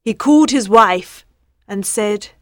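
A woman narrating a storybook in a slow, clear, evenly paced reading. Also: mid-range voice, dry recording, clean studio sound. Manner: slow, clear, even pacing.

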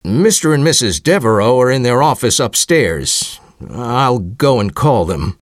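A man's voice: medium pitch, sing-song, unhurried, dry recording, studio quality. A male narrator voicing a worried, rule-bound museum guard in an audiobook, speaking politely but sternly. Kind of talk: audiobook character voice.

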